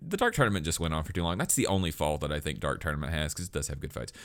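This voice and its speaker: A man's voice: rumbling low, expressive, racing, no echo, clean studio sound. A man with a Southern US accent hosting a casual podcast, laughing often and talking with many fillers. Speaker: podcast host. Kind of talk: casual chat reviewing an anime arc.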